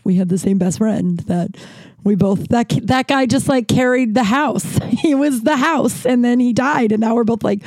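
A young woman comic rambles through a story on her own show, packing it with fillers and swearing and slipping into lively quoted voices. Her voice is mellow and soft-edged. It sounds dry and close. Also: mid-range voice, vocal fry, no echo. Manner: rambling, filler-heavy, swearing, animated quoting. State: breathing trouble. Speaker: comedian and podcast host. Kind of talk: casual storytelling monologue.

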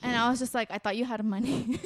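A young woman tells a story in quick casual chatter, acting out each exchange. Her voice sits a bit high and sounds close and dry, with little room. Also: fairly even intonation, no room sound. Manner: chatty, lots of "like", acts out dialogue. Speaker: podcast co-host and bartender.

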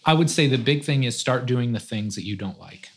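A man's voice: medium pitch, animated, brisk, faint music behind. A man, a guest on a podcast, talking in a casual, conversational way and often tossing in "man" and "right?". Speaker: guest, strength coach.

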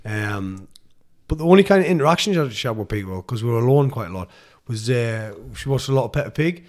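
A man's voice: medium pitch, animated, quick pace, darkish tone. A man co-hosting a podcast, chatting casually, rambling, swearing and laughing often. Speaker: podcast co-host. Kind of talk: casual chat.

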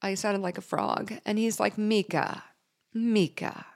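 A woman's voice: mid-range voice, little pitch movement, moderate pace, gravelly. A middle-aged woman telling a personal story in a candid, emotional way, with laughs and chatty fillers.

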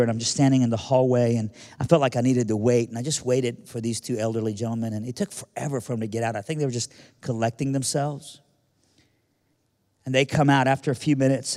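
A man's voice: mid-range voice, a little mellow. An American man telling a personal story in an earnest, vivid way, repeating phrases for weight. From United States. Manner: earnest, vivid retelling with repetitions. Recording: long reverb of a large hall.

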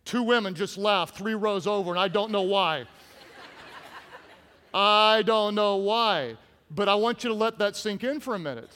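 A man preaching a sermon to a congregation, animated and jokey, acting out the story with voices. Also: high-pitched, brisk, few pauses. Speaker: pastor. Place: large church hall. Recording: hall reverb from large room.

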